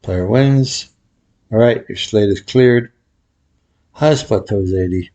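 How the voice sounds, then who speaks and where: A man hosting a gambling video, calling out his bets in a relaxed, muttered running commentary to viewers. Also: on the low side, unhurried. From Vegas pro. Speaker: baccarat video host. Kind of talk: casual play-by-play of bets.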